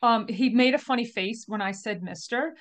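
A woman's voice: a little high, moderate pace. Upbeat woman podcast host. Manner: enthusiastic, effusive.

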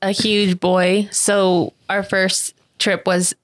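A woman's voice: mid-range voice, flat delivery, slow pace, no room sound, clean studio sound. A woman casually telling a family story in an easygoing way, adding details. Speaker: guest, adoptive parent.

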